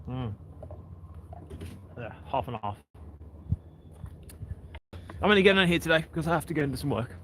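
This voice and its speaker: A man's voice: a little high, expressive, moderate pace, pauses often, fairly bright tone, a little hiss or hum, low-quality recording. A man, hosting a casual walking livestream by the sea and chatting to his viewers by name. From England. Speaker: livestream host. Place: outdoors on a seaside breakwater.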